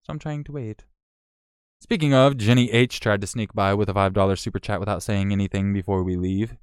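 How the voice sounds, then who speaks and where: A man's voice: lowish voice, steady tone, a little fast, smooth, no room sound, clean studio sound. A man chatting casually on a live stream, thanking donors by name in a laid-back way, swearing and laughing as he goes.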